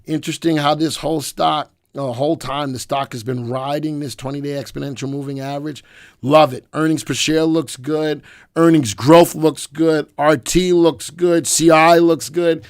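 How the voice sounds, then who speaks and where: Hoarse guy hosting a live stock webinar, chatty and upbeat, kinda high pitched, dry mic. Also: fairly even intonation, moderate pace, no room sound. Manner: upbeat, talks to viewers while clicking through charts. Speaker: host of a live stock-market show.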